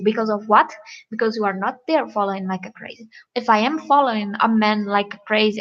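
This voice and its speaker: A woman relationship coach giving earnest advice in a halting, repetitive vlog manner. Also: on the high side, a bit bright, lo-fi sound.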